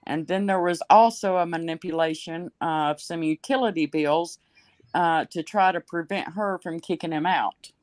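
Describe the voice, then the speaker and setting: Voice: mid-range voice, moderate pace, darkish tone, no room sound. Blunt, opinionated co-guest, dry sound. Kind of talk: talk-show commentary.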